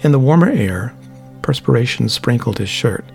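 A man reading a novel aloud as narrator, in measured, steady storytelling. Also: mid-range voice, gravelly. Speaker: audiobook narrator. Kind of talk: scripted narration. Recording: faint background music.

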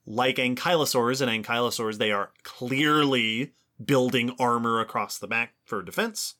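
A man co-hosts an educational podcast, explaining with lively enthusiasm. His voice is bright and forward. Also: mid-range voice, moderate pace. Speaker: podcast co-host. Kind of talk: educational casual chat.

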